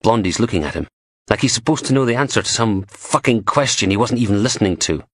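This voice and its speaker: A man's voice: lowish voice, expressive, fast, no echo, studio quality. A man narrating a crime audiobook in a gritty, profane, darkly comic manner.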